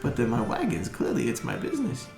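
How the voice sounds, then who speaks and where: A man doing a wry, gruff stable hand. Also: mid-range voice, wildly swooping pitch, quick pace. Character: gruff blunt male stable hand, sardonic. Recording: echoey room with music behind.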